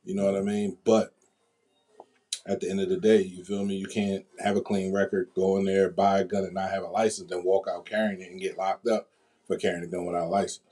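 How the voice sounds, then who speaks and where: A man's voice: low-pitched, flat delivery, fairly quick, warm tone, faint music behind. A man hosting a casual radio talk show, joking in street slang and often asking "you feel me?". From Chester, Pennsylvania, USA. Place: small radio studio.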